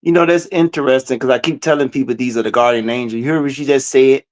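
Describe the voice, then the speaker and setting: A man talking as a guest in casual, animated chat, full of cursing, laughs and quick asides. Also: mid-range voice, slight background noise.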